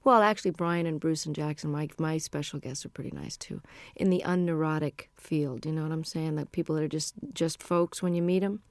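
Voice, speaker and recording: A woman's voice: low voice, brisk, dry recording. A middle-aged woman musician being interviewed, talking in a chatty, rambling, frank way. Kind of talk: casual interview chat.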